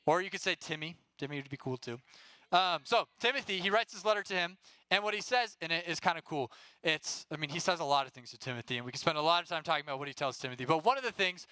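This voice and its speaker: A young man speaking as a youth pastor, giving a casual, animated talk to students. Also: a little high, fast talker, no room sound.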